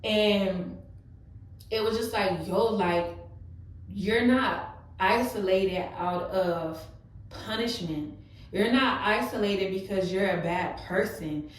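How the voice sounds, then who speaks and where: This young woman talks slowly in a medium-pitched voice, recorded from a distance in an echoey room. It's a heart-to-heart vlog, open and emotional, loaded with casual fillers aimed at her viewers.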